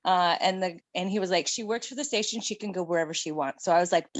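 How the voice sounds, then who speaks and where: A middle-aged woman telling a story in casual chat, animated and laughing often. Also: on the low side, a little fast, no echo. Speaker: guest.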